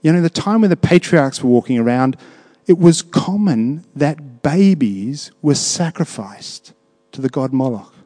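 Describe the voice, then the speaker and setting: A man with a somewhat high voice delivers a sermon, his words trailing into a long hall reverb. He shifts from quiet, reflective phrases to raised, emphatic passages and talks to the congregation as if in conversation. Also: animated, measured pace. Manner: swings between hushed reflection and raised, emphatic preaching; conversational, asks the congregation questions. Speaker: preacher.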